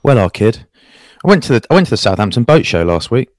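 A man co-hosting a casual podcast, chatty and teasing, telling stories with lively asides. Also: medium pitch, fast, no room sound, clean studio sound. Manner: teasing, chatty, animated storyteller. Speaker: co-host, rugby commentator.

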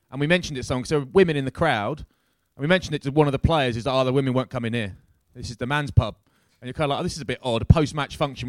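A man telling a lively anecdote as a guest at a live show, swearing freely and acting out the people in his story. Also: medium pitch, dry recording. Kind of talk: animated storytelling. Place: crowded live-show venue.

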